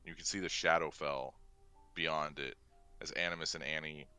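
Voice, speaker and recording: Deep-voiced man running a tabletop game. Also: steady tone, moderate pace, pushed and bright, clear, resonant tone, no room sound, soft background music. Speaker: game master.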